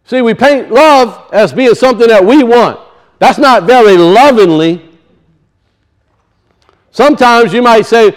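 A man's voice: very high-pitched, lively intonation, unhurried, long pauses. A male pastor preaching a sermon, emphatic, with rhetorical questions and casual asides.

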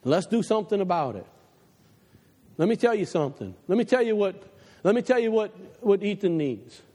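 Impassioned preacher in a reverberant hall. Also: male voice, sing-song, brisk, warm tone. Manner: impassioned preaching, drops low for quoted advice. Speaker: pastor. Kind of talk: sermon. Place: church sanctuary.

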